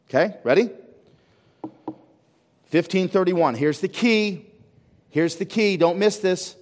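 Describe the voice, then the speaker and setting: A male pastor preaching a sermon to his congregation, dramatic and full of rhetorical questions, swinging from near-shouting to hushed. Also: high-pitched, takes it slowly, long pauses. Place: church. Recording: long reverb of a church hall.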